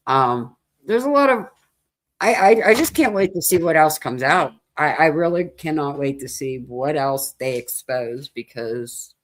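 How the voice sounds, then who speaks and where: A woman with a very low voice co-hosts a true-crime podcast. She talks in a casual, eager way and often trails off mid-thought. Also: animated, unhurried. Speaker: podcast co-host.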